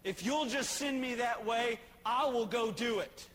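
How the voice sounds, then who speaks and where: A zealous, obsessive man, low and hushed, pressing to be sent out on his next errand, as a preacher puts him on. His voice carries a long hall echo over faint background hiss. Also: a little slow. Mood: eager hushed. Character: zealous driven young man eager for orders.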